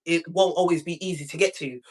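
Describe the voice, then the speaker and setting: A woman hosting a casual live call-in stream from home, telling a story in an animated way and acting out what people said. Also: a little fast. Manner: animated storytelling, acts out quotes with big pitch jumps.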